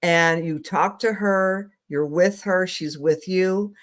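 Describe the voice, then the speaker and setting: A woman's voice: fairly low pitch, slow. A middle-aged woman astrologer giving psychic readings on a live stream, affectionate and rambling, with many fillers.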